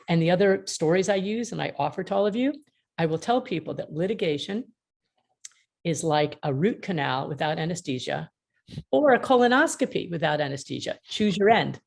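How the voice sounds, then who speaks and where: A woman's voice: lowish voice, expressive, a little fast, creaky, a little mellow. A woman mediator and author on a video call, giving an emphatic, humorous talk and acting out bits of dialogue. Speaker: mediator and author being interviewed. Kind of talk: lively teaching talk with anecdotes.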